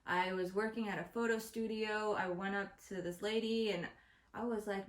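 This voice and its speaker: A woman's voice: medium pitch, fairly even intonation, normal speed. Swearing, ranting woman in an echoey room. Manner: profane, exasperated ranting. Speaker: vlogger host. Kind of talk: casual opinion rant to camera. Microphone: home recording setup.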